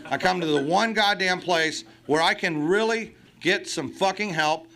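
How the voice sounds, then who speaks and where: A man's voice: sits high, moderate pace, gravelly, a bit bright. A man speaking at a recovery meeting, blunt and profane, with self-mocking humor. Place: meeting hall.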